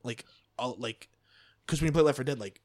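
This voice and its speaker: A man's voice: medium pitch, brisk, darkish tone, no room sound, studio quality. A man co-hosting a podcast, chatting casually and teasing the others. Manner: teasing, playful. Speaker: podcast co-host. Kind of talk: casual chat.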